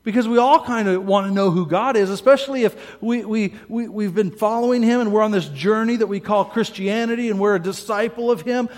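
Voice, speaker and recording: High-voiced pastor in a reverberant church. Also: male voice. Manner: conversational, often asks "right?" and acts out listeners' voices. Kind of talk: sermon.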